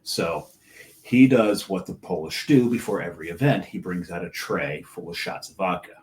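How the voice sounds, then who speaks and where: A man's voice: low voice, normal speed. A middle-aged man co-hosting a casual podcast, telling a story with frequent laughs. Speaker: co-host.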